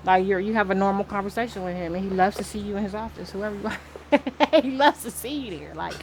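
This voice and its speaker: Indoors, a woman gives her viewers a casual spiritual card reading, rambling loosely and swearing now and then. Her mid-range voice moves a little fast, with slight background noise.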